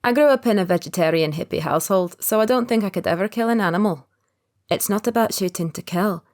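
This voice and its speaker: A woman voicing a reserved man in his early thirties in an audiobook, speaking quietly and guardedly. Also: mid-range voice, lightly acted. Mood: quiet, earnest. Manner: quiet, guarded, opens up slowly. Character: reserved thirty-one-year-old man, secret agent. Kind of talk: audiobook character voice.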